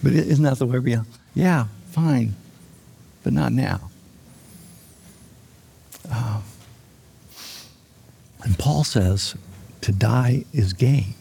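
A man's voice: medium pitch, animated, takes it slowly, creaky, long pauses, warm tone, a little hiss or hum. An older male pastor preaching a folksy, conversational sermon with light jokes. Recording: long reverb of a large hall.

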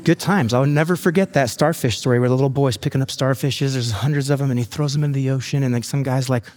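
A man in his forties, a pastor telling his testimony in a sermon, with self-deprecating humor and lively asides. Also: mid-range voice, quick pace.

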